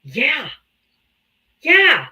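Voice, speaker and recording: Brief: sharp, foul-mouthed woman debate host, bright tone, slightly high voice. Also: wildly swooping pitch, extremely slow, poor audio. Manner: combative, profane, sarcastic. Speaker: live-stream debate host. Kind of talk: heated political debate on a live stream.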